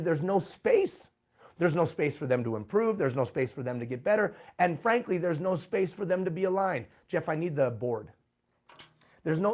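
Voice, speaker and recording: A man's voice: sits high, darkish tone. A man presenting a live workshop, talking emphatically and putting rhetorical questions to his audience. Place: live event room.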